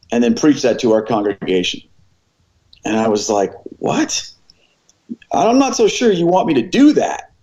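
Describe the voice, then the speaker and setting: A man's voice: medium pitch, dull audio. Earnest former pastor telling his story. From American Midwest. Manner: earnest, animated retelling with quoted dialogue. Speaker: former pastor, podcast guest. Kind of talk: storytelling in a conversational interview.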